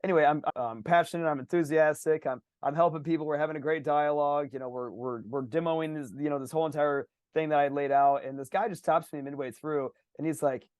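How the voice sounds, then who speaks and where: A man co-hosting a podcast, telling stories in a casual, energetic and animated way. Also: fairly high pitch, fast talker, hardly any pauses, dry recording, clean studio sound. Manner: energetic, animated storytelling with laughs. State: slightly sick. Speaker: podcast co-host.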